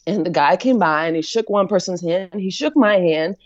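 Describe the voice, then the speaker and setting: An American fiber artist tells a long personal story in a casual video-call interview, slipping into quoted voices and filling her speech with fillers and laughter. Her voice is lowish and fairly quick, and the recording is dry, dull and lo-fi.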